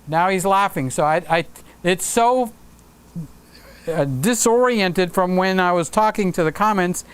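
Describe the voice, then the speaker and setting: A man with a high, somewhat bright, smooth voice hosts a casual livestream. He chats upbeat and reads viewer comments aloud, using frequent fillers.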